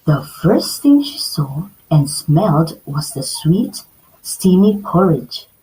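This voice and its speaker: A woman reading a children's story aloud as storyteller, slowly and expressively. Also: sits low, rough recording. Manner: slow, expressive read-aloud.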